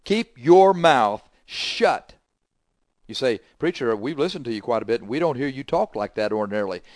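A male preacher delivers a scolding sermon in a middle-pitched voice. He drives points home with loud bursts, then drops into quiet asides. The sound is close and dry. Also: expressive, fast talker, no room sound.

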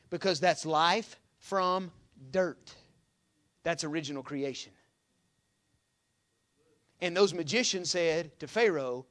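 Folksy preacher, bright high voice. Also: male voice, a little slow, long pauses. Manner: folksy, swings from soft asides to loud scripture reading. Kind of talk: sermon.

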